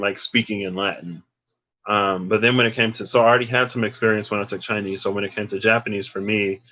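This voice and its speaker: A young man with a low voice and a bright, crisp edge, talking through a tarot reading in a loose, casual way. He drifts into digressions and leans on fillers as he thinks aloud. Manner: rambling, digressive, filler-heavy. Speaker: tarot reader.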